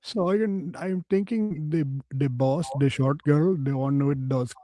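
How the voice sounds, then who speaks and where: A man's voice: on the high side, very animated, moderate pace, a little mellow, no room sound. A man voicing a flustered, prim male office worker who talks in a stiff, overly formal way. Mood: boastful.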